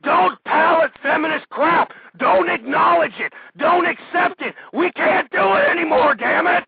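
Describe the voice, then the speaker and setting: A man hosting a talk radio show, delivering an angry ranting monologue that swings between yelling and low muttering. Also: measured pace, creaky. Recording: dry, tinny phone-like internet radio audio.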